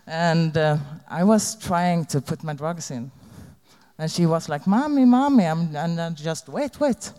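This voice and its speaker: Slow, halting woman in a reverberant hall. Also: low voice, steady tone, mellow, clear, resonant tone. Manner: halting, candid, plain-spoken. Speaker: recovering addict sharing her story. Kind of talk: personal testimony to an audience.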